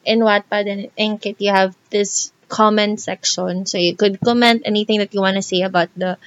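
A woman co-hosting an easygoing podcast chat, patiently walking through her points and scattering "like" through her sentences. Her voice is mid-pitched, and the recording has a dull, lo-fi quality. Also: fairly even intonation, moderate pace, dry recording. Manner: explanatory, filled with "like". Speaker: co-host.

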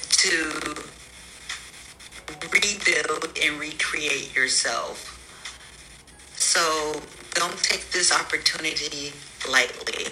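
A low-pitched woman speaking slowly and earnestly, working to hold back tears as she talks. Her voice is bright and clear over faint background noise. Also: low-quality recording. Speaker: mother giving a farewell message. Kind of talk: heartfelt recorded message.

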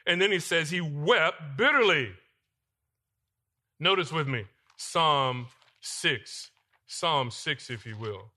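A man preaching from the pulpit of a church with a bright, forceful voice pitched a little high. He swings between loud, emphatic declarations and quiet, confiding asides to the congregation. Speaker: pastor. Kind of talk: sermon. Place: church sanctuary.

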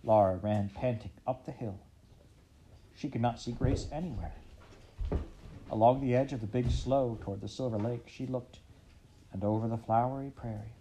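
A man reading a storybook aloud in an expressive, dramatic way. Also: medium pitch, normal speed, pauses often, a little hiss or hum, poor audio. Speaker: reader.

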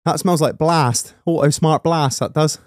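A man's voice: fairly high pitch, unhurried, dry recording, studio quality. A man co-hosting a podcast in casual chat, laughing often and swearing freely. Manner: laughs a lot, swears freely, animated storytelling. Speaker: podcast co-host.

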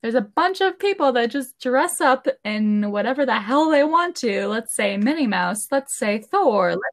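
A woman co-hosting a podcast in casual chat, laid-back and drawn-out, with many fillers. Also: on the high side, lively intonation, no room sound, studio quality. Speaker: podcast co-host.

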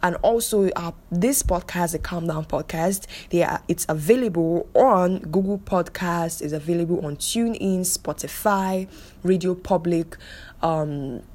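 A young woman hosts her podcast alone, scolding and insisting, saying things twice for emphasis. Her voice sits low and mellow, with a husky edge to it. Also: a little slow. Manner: emphatic, scolding, repeats phrases for stress. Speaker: podcast host. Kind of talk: solo podcast monologue.

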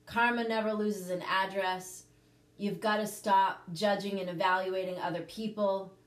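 A woman's voice: mid-range voice, steady tone, a little slow. Earnest woman coaching in a roomy space. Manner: earnest, coaching, repeats points with "okay?". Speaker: host, prosperity teacher. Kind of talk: casual livestream teaching chat.

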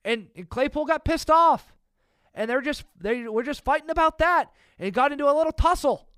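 High-voiced ranting male podcast host. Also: lively intonation, normal speed, dry recording, studio quality. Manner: ranting, exasperated, swings into loud outbursts. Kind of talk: solo sports opinion podcast.

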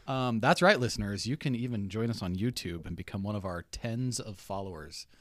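A man's voice: lowish voice, expressive, brisk, fairly bright tone, no room sound. A middle-aged man hosting a podcast in a studio, chatty and self-deprecating, with lots of fillers and restarts. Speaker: podcast host. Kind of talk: casual podcast chat.

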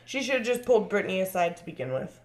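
A woman chatting casually about a reality show, excitable and gossipy, acting out what people said. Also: mid-range voice, very fast. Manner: excitable, gossipy, acts out quotes.

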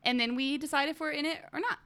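A woman with an American accent co-hosting a podcast in casual chat, playful and giggly, quick to tease. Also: sits high, fairly even intonation, bright, forceful tone. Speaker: podcast co-host.

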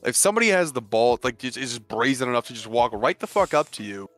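A young man who works as a security dispatcher, chatting casually with friends and telling profane, animated stories with frequent laughs. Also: mid-range voice, quick pace, faint music behind. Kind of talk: casual podcast chat.

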